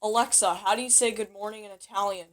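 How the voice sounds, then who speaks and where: A woman's voice: medium pitch, fairly even intonation, fast. Woman, casual self-taught teacher, chatty and playful, trips over herself and corrects on the fly. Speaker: language teacher. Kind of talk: casual home-made lesson.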